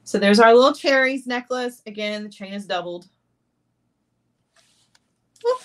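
A woman's voice: fairly high pitch, lively intonation, measured pace, fairly bright tone. A middle-aged woman hosting a jewelry-making livestream, chatting casually, reading viewer comments and laughing often.

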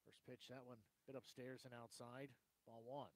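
A man calling softball play-by-play for a sports broadcast in a brisk, conversational manner. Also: mid-range voice, level tone, rough recording. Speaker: play-by-play announcer.

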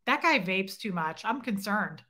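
A woman's voice: medium pitch, animated, unhurried, sharp tone. A woman hosting a casual livestream, chatting with viewers and reading their comments aloud, self-deprecating and teasing. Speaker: livestream host. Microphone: phone.

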